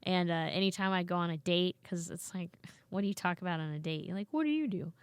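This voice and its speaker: A woman comedian in her thirties talks casually on a podcast, telling animated stories. Her voice sits a little low. The sound is dry and close, with no room echo. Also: fast, clear, resonant tone. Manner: animated storyteller, acts out quoted voices. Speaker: comedian guest.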